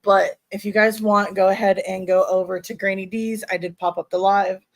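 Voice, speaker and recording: An easygoing American woman chatting on a livestream, with frequent giggles. Her voice has a gravelly, fry-laden edge, and the sound is close and dry. She speaks at a middling pitch. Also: level tone, moderate pace, dry recording. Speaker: livestream co-host. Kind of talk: casual chat.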